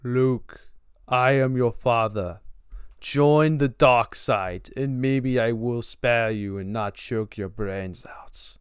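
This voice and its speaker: Man doing a dark space lord voice, deep, slow, menacing, dry close sound. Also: clean tone, no room sound, close to an everyday voice. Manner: slow, low and ominous.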